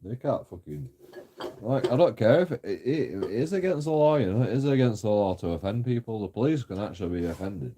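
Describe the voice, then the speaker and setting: A man's voice: on the low side, lively intonation, a little fast, warm tone, slight background noise. A young man telling a story in a casual, sweary rant, often laughing and mocking. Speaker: vlogger. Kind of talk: casual ranting monologue.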